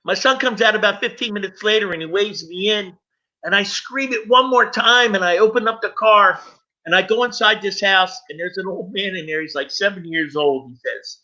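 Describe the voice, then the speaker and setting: Bright-voiced middle-aged man, earnest testimony. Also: sits high, normal speed, highs cut off. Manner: earnest, speaks directly to listeners. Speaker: speaker sharing his recovery story. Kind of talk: personal testimony talk.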